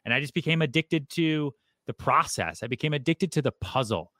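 Energetic man with a bright voice. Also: on the high side, a little fast, dry recording. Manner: energetic, animated storytelling. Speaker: guest, real estate broker. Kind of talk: casual interview chat.

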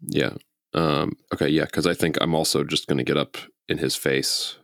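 A man with a very deep, gravelly voice talks through his turn in a tabletop game. He is relaxed and fills his pauses with ums while he thinks aloud. The recording is dry and close. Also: dry recording. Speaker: player. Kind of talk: casual tabletop game chat.

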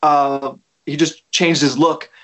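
A man chats loosely as the guest in a relaxed interview. His voice sits a little above the usual male range. He rambles with plenty of fillers. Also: a little high, takes it slowly. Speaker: musician guest. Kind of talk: casual interview chat. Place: lives in Toronto.

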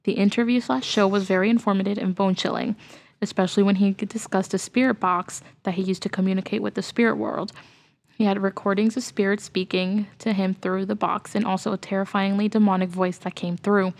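A woman's voice: medium pitch, gravelly. A woman co-hosting a podcast, reading a listener's ghost story aloud in an earnest way and getting emotional as she reads. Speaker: podcast co-host.

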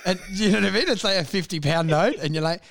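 A man's voice: high voice, fast talker, vocal fry, a bit bright, slight background noise. A man co-hosting a comedy podcast with wry, rambling banter. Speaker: podcast co-host.

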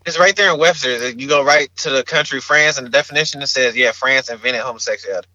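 A man's voice: mid-range voice, quick pace, sharp tone, no echo, lo-fi sound. A man co-hosting a podcast in casual chat, ranting brashly and crudely and joking as he goes. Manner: brash, profane, joking rants. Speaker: podcast co-host.

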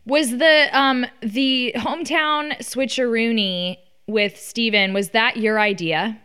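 A woman's voice: fairly high pitch, steady tone, slow, bright, forceful tone, smooth. A woman hosting a casual interview, asking questions in a conversational and lightly teasing way. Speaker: podcast host.

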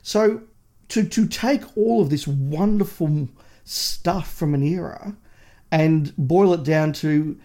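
A man's voice: a little high, slow, warm tone. A man co-hosting a podcast, reviewing in casual chat with a passionate, opinionated ranting manner. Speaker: podcast co-host.

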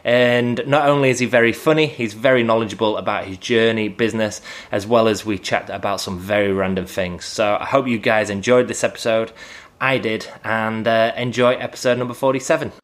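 A man's voice: lowish voice, steady tone, a little fast. A man introducing a podcast episode on his own, upbeat and enthusiastic. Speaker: podcast host.

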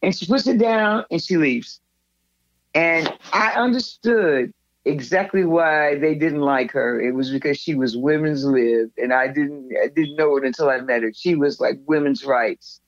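A woman guest telling stories in a casual interview, lively and acting out what others said. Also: low voice, unhurried, no room sound. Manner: animated storyteller, acts out others' lines. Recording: dull lo-fi recording.

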